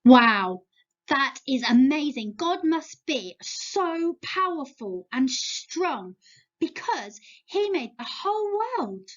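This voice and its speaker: An English-accented woman with a high voice runs a Bible lesson for small children in church, playful and encouraging as she invites them to join in. She speaks slowly and animatedly, and the home-video audio is lo-fi.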